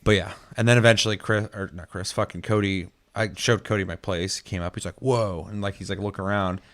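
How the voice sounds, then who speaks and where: A man's voice: lowish voice, steady tone, quick pace, fairly bright tone. A man on a gaming podcast telling a rambling, swear-filled story in casual chat. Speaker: podcast co-host.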